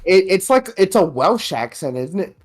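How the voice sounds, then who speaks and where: Giggly, animated podcast co-host. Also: mid-range voice, normal speed, breathy edge. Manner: giggly, loose and profane, laughs through sentences. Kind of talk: casual chat.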